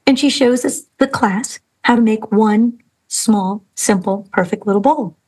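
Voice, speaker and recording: Husky-voiced earnest woman host. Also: fairly high pitch, a little mellow, low-quality recording. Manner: earnest, emphatic, slows for emphasis. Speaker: podcast host. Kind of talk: storytelling and inspirational talk.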